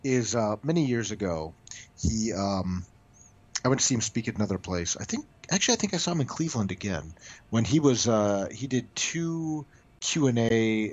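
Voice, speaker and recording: Animated man telling stories, dull sound. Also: on the low side. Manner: animated, frequent restarts and stammered repeats. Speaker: comic book writer, guest. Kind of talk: casual interview storytelling. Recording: dull lo-fi audio.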